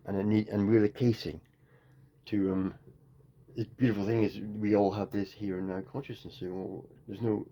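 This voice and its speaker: A man's voice: fairly low pitch, dark tone, highs cut off. A man in a rambling, free-associating comic monologue that jumps playfully between tangents. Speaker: comedian.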